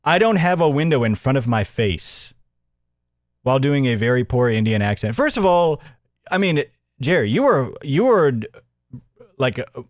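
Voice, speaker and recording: A man's voice: mid-range voice, dry recording, studio quality. A man hosting a livestream, rambling and mocking as he comments and thanks viewers, often chuckling. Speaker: host.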